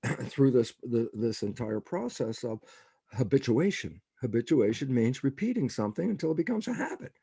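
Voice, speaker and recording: An older man speaking as a podcast guest, his voice gravelly and a little husky. He tells stories in a lively way, swinging up and down in pitch as he acts out what people said. The sound is dry and close, with no room echo. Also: normal speed. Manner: animated storytelling, acts out quoted dialogue. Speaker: guest biologist. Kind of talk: interview conversation.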